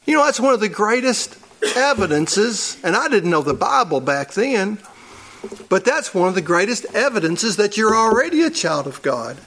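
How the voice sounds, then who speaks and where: A man's voice: sits high, sing-song, moderate pace, a bit bright. A man, a church elder, preaching a sermon in a conversational storytelling way and chuckling at his own stories.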